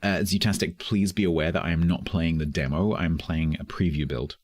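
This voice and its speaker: A man's voice: low-pitched, fairly even intonation, a little fast, no echo. A man streaming a game live, chatting casually and chuckling as he thinks aloud. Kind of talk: casual live gameplay commentary.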